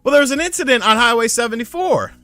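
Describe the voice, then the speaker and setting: Pushy suspicious detective, put on by a man, higher and tighter than his own voice, clipped accusing lines. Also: expressive, fast talker, pushed and bright, no room sound, faint music behind, exaggerated voice. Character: suspicious male police detective, pushy questioner.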